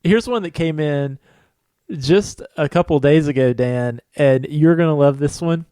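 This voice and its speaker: A man's voice: fairly high pitch, a little slow, warm tone, smooth, no echo. Chatty male podcast co-host, dry mic. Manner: friendly, laughs often, chatty. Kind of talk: casual podcast chat.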